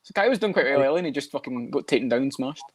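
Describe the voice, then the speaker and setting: A man's voice: medium pitch, animated. A man co-hosting a casual podcast chat, laughing often and quoting fighters. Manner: fast, laughing, quotes fighters. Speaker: podcast co-host.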